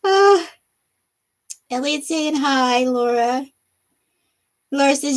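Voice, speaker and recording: A woman's voice: on the high side, measured pace. A woman hosting a live crafting stream from her home craft room, chatting and reading out viewer comments with frequent laughter. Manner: bubbly, laughs often.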